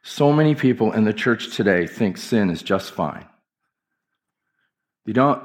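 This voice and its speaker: A male pastor delivering an impassioned, emphatic church sermon with repeated phrases. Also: medium pitch. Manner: impassioned, emphatic preaching with repetitions.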